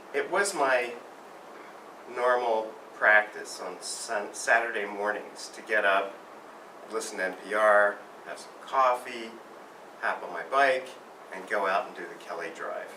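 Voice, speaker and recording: A man's voice: fairly low pitch, unhurried, pushed and bright. A man telling a rambling, self-mocking story about a near-miss on his bike. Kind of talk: personal storytelling. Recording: roomy, distant mic, faint noise.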